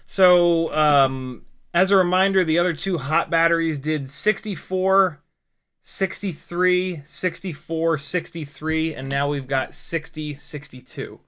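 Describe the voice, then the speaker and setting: A man vlogging as he flies a small drone, talking to himself in casual commentary with quick exclamations and the odd swear word. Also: on the high side, fairly bright tone, smooth. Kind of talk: casual commentary while flying.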